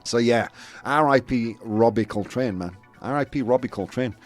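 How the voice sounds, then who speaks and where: A man's voice: medium pitch, moderate pace, faint music behind. A young man from the UK hosting a casual chat show, rambling with lots of fillers and restarts. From United Kingdom. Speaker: host.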